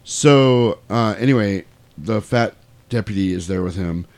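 A man's voice: on the low side, a little slow, darkish tone. A man recapping a movie in casual chat, breaking into exaggerated character voices and laughing as he goes. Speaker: podcast co-host recapping a movie.

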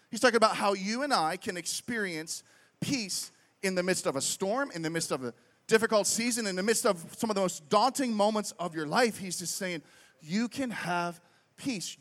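A young adult man preaching a sermon in an animated, conversational way, telling stories and often asking "right?". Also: very high-pitched. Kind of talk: sermon with storytelling.

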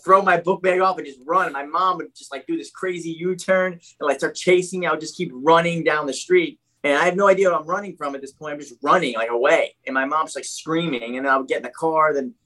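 A man's voice: on the high side, quick pace, few pauses, pushed and bright, rough recording. A man from New Jersey telling his life story in a casual, rambling way, packed with "like" and "you know".

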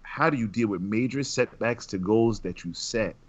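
A man co-hosting a casual podcast, reading listener questions aloud in a relaxed, joking way and breaking into laughter. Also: lowish voice, moderate pace, dull audio. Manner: reads listener emails aloud, bursts into loud laughter.

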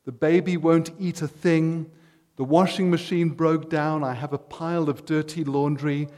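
A man's voice: on the high side, steady tone, normal speed, darkish tone, in a large hall, natural voice. A man voicing an overwhelmed, frazzled young mother as she pours out her troubles in a joke. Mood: frantic.

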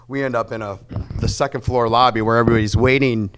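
Male band member, lively anecdotal delivery with frequent swearing, middling pitch. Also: quick pace, clear, resonant tone. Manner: animated, swears freely. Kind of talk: casual storytelling.

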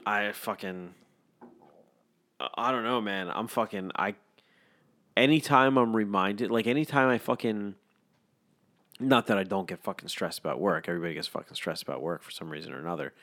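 A man's voice: fairly low pitch, normal speed, pauses often, a bit bright. A young man telling a story in casual podcast chat, swearing constantly and mimicking the people in it. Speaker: podcast co-host.

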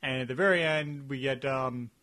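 Bright, upbeat man rambling in podcast chat. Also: medium pitch, moderate pace. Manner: rambling, heavy use of "like" fillers. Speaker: podcast co-host. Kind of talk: casual review chat.

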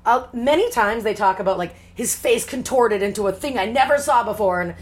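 A woman's voice: on the high side, expressive, brisk. A woman in casual chat, retelling a story and acting out the characters in quoted voices. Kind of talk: casual podcast chat recapping a novel.

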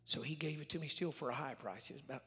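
A man preaching a storytelling sermon as a traveling evangelist, swinging between loud shouts and hushed whispers, recorded live in a church. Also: fairly high pitch, quick pace. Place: church sanctuary with reverb. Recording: live church recording with long reverb and faint music.

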